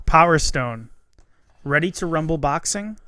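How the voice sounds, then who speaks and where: Guy in his 30s cohosting a chill podcast, kinda high voice, jokey, laughs a lot, dry close mic. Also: animated, unhurried, pushed and bright, dry recording. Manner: playful, laughs often, rattles off lists. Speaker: podcast co-host. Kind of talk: casual chat.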